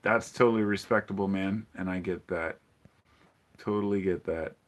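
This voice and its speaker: Deep-voiced and fairly even in intonation, this man talks at a moderate pace. Hosting a laid-back live-stream podcast, he greets viewers and answers chat messages in a rambling, opinionated way, often saying um and starting over.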